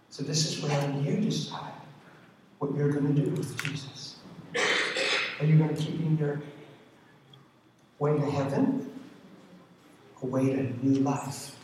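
A middle-aged man delivers a sermon with a fairly high voice, pressing his points and then dropping to near-whispers. He is picked up from a distance in a big, reverberant hall. Faint room ambience sits underneath. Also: slight background noise. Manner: emphatic, swings from loud to hushed. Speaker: preacher. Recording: distant mic in echoey hall.

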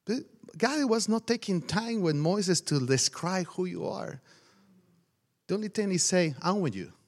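High-voiced Mexican pastor preaching. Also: male voice, measured pace. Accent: Mexican Spanish. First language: Spanish. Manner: energetic, laughs often, broken English. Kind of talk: sermon.

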